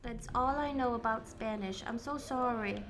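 A woman's voice: on the high side, moderate pace, fairly bright tone, a little hiss or hum. A woman streaming a video game live, chatting casually with viewers, giggling often and swearing when startled. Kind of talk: casual live gameplay chat.

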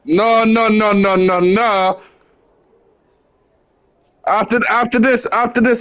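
A man's voice: sits high, fairly even intonation, slow pace, long pauses, a bit bright, clean tone. A young man on voice chat while playing a basketball video game, coaching his teammates and teasing them, repeating short commands over and over.

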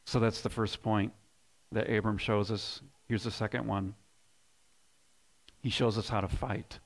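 A man preaching a sermon as pastor, swinging between loud emphatic bursts and hushed low lines, often repeating words as he builds a point. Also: flat delivery, measured pace, long pauses. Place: church sanctuary.

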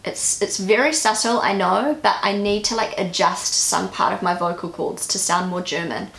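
A woman's voice: medium pitch, normal speed, gravelly, fairly bright tone, roomy sound. A woman from New Zealand with a New Zealand English accent, vlogging casually and musing self-critically as she practises pronunciation.

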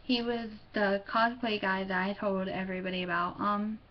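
A woman's voice: mid-range voice, steady tone, moderate pace. A teenage girl vlogging casually at home, rambling and distracted, often giggling. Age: teens. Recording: dull lo-fi webcam audio with faint noise.

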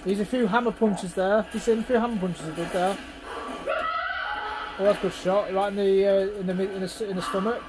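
A man's voice: sits high, fairly even intonation, brisk, low-quality recording. A man giving casual reaction commentary over fight footage, chatty and constantly prompting the viewer to look.

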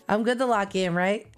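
An excitable young woman streamer chatting with friends during a party game. Her voice sits at an ordinary pitch and jumps to loud bursts, with faint music playing behind her.

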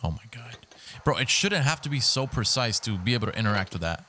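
A young man giving excitable, swearing commentary while he plays a video game on a headset mic. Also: mid-range voice, fast talker, a little hiss or hum. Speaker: gaming YouTuber. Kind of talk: live gameplay commentary. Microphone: gaming headset.

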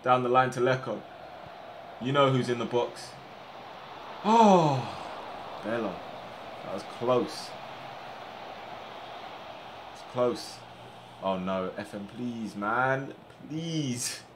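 A young man commentating on his football management game, getting excited and shouting at his players on screen. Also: mid-range voice, slow pace, pauses often, background noise. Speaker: gaming streamer.

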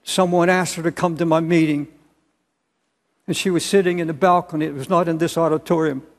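An older man preaching a sermon as pastor, earnest and halting, with repeated restarts and bursts of loud emphasis. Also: on the high side, steady tone. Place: large church auditorium. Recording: long hall reverb.

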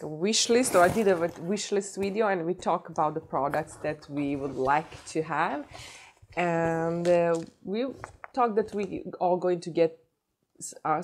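Beauty vlogger, woman from Sweden, has a cold, slightly low voice, gushing and giggly. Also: slight background noise. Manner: excitable, gushing, breaks into giggles. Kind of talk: casual unboxing vlog.

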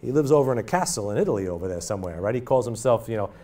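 A man's voice: fairly low pitch, lively intonation, racing, warm tone. A male pastor preaching a sermon in a church, emphatic and repetitive as he drives his points home. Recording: voice from far off the mic.

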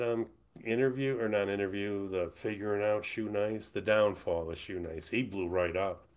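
A man's voice: on the low side, steady tone, moderate pace. Rambling, mumbling man streamer. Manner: rambling, mumbles and trails off into whispers. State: high. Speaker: livestreamer. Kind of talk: casual livestream chat. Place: indoors, hot room.

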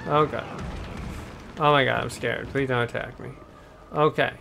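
A man giving chatty, excitable let's-play commentary, talking to the game's characters as he plays. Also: mid-range voice, normal speed, vocal fry, a little hiss or hum. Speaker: gameplay commentator.

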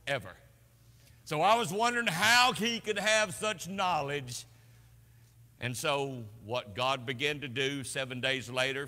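Emphatic pastor preaching in a reverberant church. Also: male voice, fairly high pitch. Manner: emphatic, swings between loud and hushed. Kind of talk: sermon. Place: church sanctuary.

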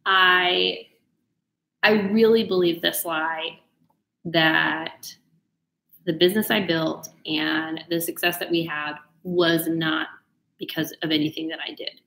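Woman host, casual motivational chat, low gravelly voice, teasing; echoey room sound. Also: sharp tone. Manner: chatty, teasing, laughs often. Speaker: host of a live video talk.

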